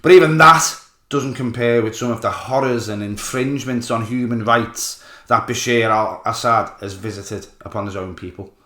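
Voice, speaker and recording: A man's voice: mid-range voice, normal speed, bright, forceful tone. A man giving an angry, sarcastic political rant full of swearing. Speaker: political commentator. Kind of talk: ranting political monologue. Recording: roomy echo.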